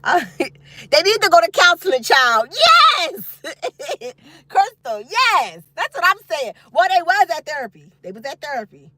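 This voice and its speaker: A woman vlogger chatting casually with her viewers from outside a youth football practice. She is expressive and loose, with frequent laughter. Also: extremely high pitch, measured pace, no echo. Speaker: single mom vlogger talking to viewers. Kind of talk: casual chat.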